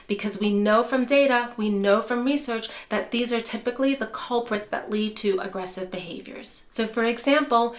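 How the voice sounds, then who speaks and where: A woman gives a to-camera lesson for dementia caregivers in a reassuring, direct manner, with a voice that sits a little higher than usual. She keeps addressing her viewers as care partners and softly acts out calming phrases to show how to speak.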